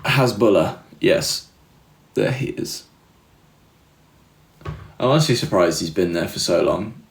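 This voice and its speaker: A man's voice: deep voice, expressive, slow pace, reverberant. A young man hosting a livestream, chatting casually and rambling through self-deprecating stories with laughs. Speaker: livestream host. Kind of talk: casual chat reading live comments.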